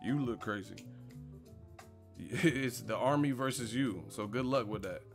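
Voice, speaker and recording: A man's voice: medium pitch, measured pace. A man hosts a boxing live stream, swearing freely as he mocks and roasts commenters. His delivery is brash and confrontational. Faint music runs underneath. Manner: brash, profane, mocking and trash-talking. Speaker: boxing channel host answering live chat. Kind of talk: live stream commentary, reading chat questions.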